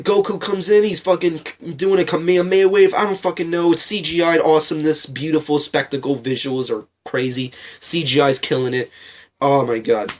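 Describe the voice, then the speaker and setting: A young man hosting a casual fan podcast, swearing freely and rambling in an excitable, animated way. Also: fairly high pitch, fairly quick, distant mic. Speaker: podcast host.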